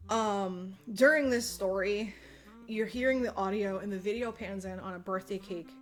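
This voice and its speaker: A woman's voice: medium pitch, moderate pace, soft background music. A woman co-hosting a podcast, casually retelling a story with lots of fillers and acted-out quotes. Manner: animated retelling, frequent fillers, acts out quotes. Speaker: podcast co-host. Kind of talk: casual chat.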